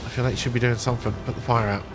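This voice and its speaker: A man streaming a game live, quickly ordering his crew around and reading the game's text aloud. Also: medium pitch, fairly even intonation, over loud music. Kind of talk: live gameplay commentary.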